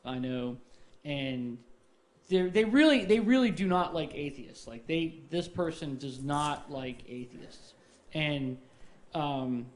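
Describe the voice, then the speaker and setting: Halting, rambling man on a podcast. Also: fairly high pitch, expressive. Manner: rambling, halting storytelling with many fillers. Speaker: podcast co-host. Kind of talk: casual podcast chat.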